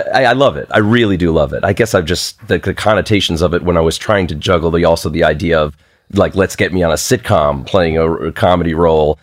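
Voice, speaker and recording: Low-voiced, animated podcast guest. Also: male voice, no echo, studio quality. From Long Island. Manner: animated, enthusiastic storyteller. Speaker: guest performer. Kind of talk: casual podcast chat.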